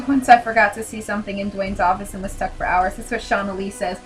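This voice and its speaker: A woman's voice: mid-range voice, steady tone, fast talker, soft background music, low-quality recording. A young woman casually commenting as she livestreams a video game, chatty and giggly, rambling with lots of "like". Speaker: streamer playing a video game.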